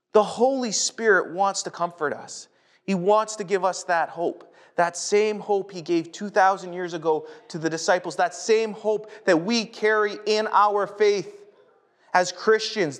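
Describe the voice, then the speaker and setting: A slightly higher-voiced male pastor from North America delivers a sermon in a relaxed, conversational way. He stumbles over repeated words as he gets into a thought. When he retells a story, his voice climbs sharply and gathers energy.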